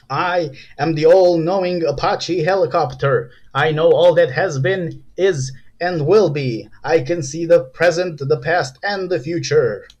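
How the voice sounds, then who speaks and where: A man's voice: on the high side, slow, darkish tone. A man voicing a pompous, all-knowing male helicopter who sounds grandiose and then bumbling when cornered, in a comic home video skit.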